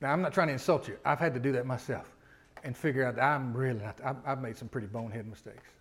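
A middle-aged male pastor preaching a sermon in a conversational way, asking the congregation rhetorical questions and building to loud emphatic peaks. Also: medium pitch, fast.

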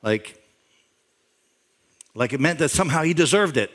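A man's voice: lively intonation, moderate pace, fairly bright tone, breathy edge. Man preaching in a storytelling way. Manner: conversational storytelling, imagining a backstory aloud; rises in pitch and volume for emphasis. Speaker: pastor. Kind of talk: sermon.

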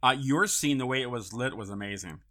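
A man's voice: medium pitch, fairly quick, sharp tone. A man interviewing an actress who keeps prompting and encouraging her. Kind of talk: casual interview.

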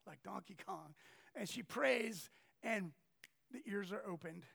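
High-pitched gravelly man preaching with stories. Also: unhurried. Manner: animated, acts out quoted people. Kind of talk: storytelling sermon.

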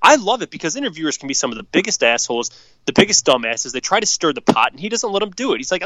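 Fired-up man, bright profane sports talk. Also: on the high side, big pitch swings, racing, no room sound, highs cut off. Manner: profane, fired-up hockey opinions. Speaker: podcast co-host. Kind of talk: casual sports chat.

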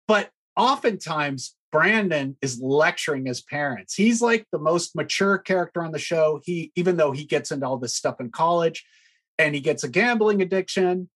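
Podcast host, casual chat, mocking, mid-range voice. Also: medium pitch. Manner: mocking, animated.

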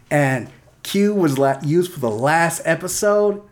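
A male podcast co-host chatting casually about film and TV. He is excitable and swears freely. His talk is peppered with "like.". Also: fairly high pitch, unhurried. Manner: excitable, swears a lot, many "like" fillers.

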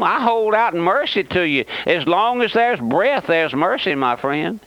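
Older guy preaching on the radio, pleading hard, kinda high voice, dry close sound. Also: very animated, a little slow, hardly any pauses, a bit bright, dry recording, dull audio. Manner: fervent, pleading, direct address to listeners. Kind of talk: radio sermon.

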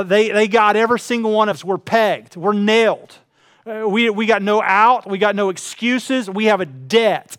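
A man preaching a sermon, telling a personal story earnestly, dropping to hushed tones and then building in intensity. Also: high-pitched, clean tone, dry recording, clean studio sound. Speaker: pastor.

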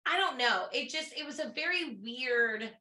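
A woman's voice: sits high, expressive, normal speed, sharp tone. A woman co-hosting a casual book podcast. She chats and retells the plot, with many acknowledgements as her co-host talks. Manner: chatty, summarizes the plot with many verbal acknowledgements. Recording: echoey room.

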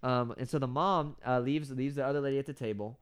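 A man's voice: medium pitch, clean tone. A young man chatting casually with friends, telling crude stories while playing a game. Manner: fast profane storytelling. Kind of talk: casual chat while gaming.

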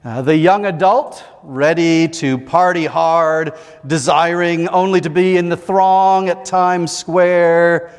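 Slow, high-voiced pastor preaching. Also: male voice, steady tone, clean tone, in a large hall. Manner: measured, reflective, with deliberate pauses. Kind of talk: sermon.

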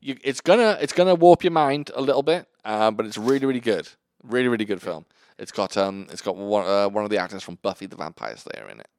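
A man co-hosting a casual podcast chat about films, animated and swearing freely, laughing easily. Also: on the low side, fast talker, clear, resonant tone, dry recording. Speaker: podcast co-host.

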